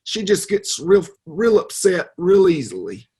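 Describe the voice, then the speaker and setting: A fussy older Southern lady, put on by a man, speaks in a high, drawn-out voice and drops every R. She is flustered and can never be pleased. She talks slowly, as if put upon. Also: big pitch swings, warm tone, slightly rough, heavily acted. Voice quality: drops her R's, fussy and huffy.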